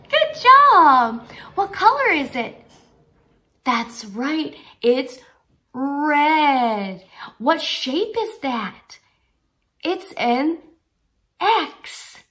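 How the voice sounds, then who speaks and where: A young adult woman teaching toddlers in a slow, sing-song way, with exaggerated encouragement and lots of praise. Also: sits high, very animated, pushed and bright.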